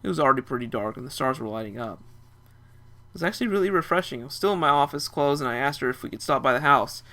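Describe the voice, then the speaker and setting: Bright-voiced young man telling a story. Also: medium pitch, animated, quick pace. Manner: casual, chatty storytelling. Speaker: narrator. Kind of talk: first-person story narration.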